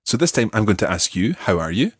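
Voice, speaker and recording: A man hosting a language course, teaching deliberately and slowing down to model words. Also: on the low side, very animated, slightly rough, no echo, studio quality. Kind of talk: scripted language lesson. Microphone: close studio mic.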